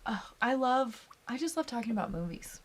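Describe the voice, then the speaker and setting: Woman, casual co-host, chatty, laughs between remarks, relaxed whiskey-tasting chat. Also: fairly high pitch, moderate pace. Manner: chatty, talks over her co-host, laughs often.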